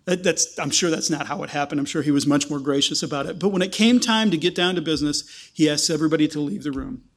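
A man with a high voice preaches a sermon. He talks through a passage verse by verse and jumps into quoted lines, acting out the people in the story with lively shifts in his delivery. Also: quick pace. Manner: animated, acts out quoted voices.

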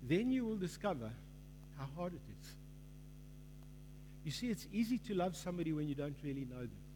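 A male pastor delivers a sermon in a hall with a long, ringing reverb. His voice sits high, and he builds in fervor, acting out the voices in a parable. A faint mains hum runs underneath. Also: expressive, a little fast. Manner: preaching with rising fervor, acts out quoted voices in a parable.

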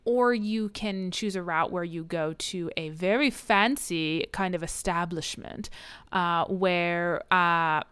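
Lady podcaster retelling a book, throws in character voices and swearing, smooth voice, dry close mic. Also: lowish voice, slow, no room sound. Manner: animated retelling, acting out characters' lines with swearing and laughs. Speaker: podcast co-host. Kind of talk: casual book-club chat.

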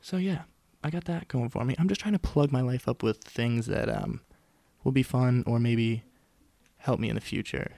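Gravelly young man rambling on a podcast. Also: mid-range voice, moderate pace, dark tone, no room sound. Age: young adult. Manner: rambling, self-mocking, jokey, with sudden whispers and put-on voices. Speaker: podcast host. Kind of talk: casual solo podcast monologue. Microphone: studio mic close up.

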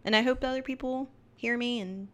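A woman guest in a casual at-home interview, speaking softly and earnestly. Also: fairly high pitch, fairly even intonation, quick pace. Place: home dining room.

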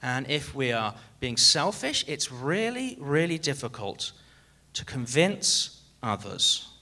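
A man preaching a sermon as pastor in an animated, jokey way, with sudden swings in loudness. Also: mid-range voice, slow.

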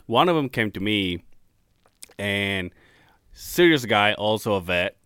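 A man's voice: lowish voice, lively intonation, takes it slowly, a bit bright, clear, resonant tone, no room sound. A man telling stories on a podcast in a crude, joking way, with a voice that swings up and down a lot. The sound is close and dry, with no room around it. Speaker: podcast co-host. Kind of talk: casual chat.

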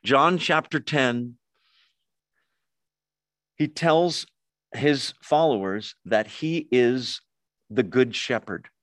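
Male pastor, mid-range voice, dry close sound, expressive sermon delivery that moves between emphatic and hushed. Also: mid-range voice, very slow, long pauses, no echo.

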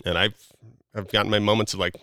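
Gravelly low-voiced man giving blunt advice. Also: animated, fairly quick, a bit bright, no echo, studio quality. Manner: blunt, coaching, swears casually, acts out quotes. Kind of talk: casual advice chat.

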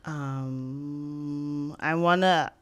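A woman in casual podcast chat, telling stories in a relaxed way and acting out what others said. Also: deep voice, drawn-out words. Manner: relaxed storytelling, acts out quoted lines.

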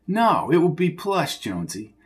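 A man voicing a pushy, streetwise male hustler who needles and talks in quick bursts. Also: fairly high pitch, very animated, voice pushed up. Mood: urgent, needling.

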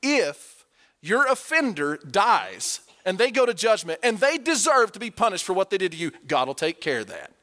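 A man preaching a sermon, animated and emphatic, rising to forceful peaks as he drives his points home. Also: high voice, normal speed.

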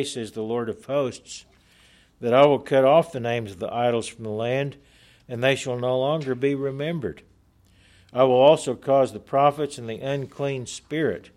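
A man of medium pitch gives a sermon. He reads passages of scripture and explains them earnestly and with emphasis, easing his pace to underline what matters most.

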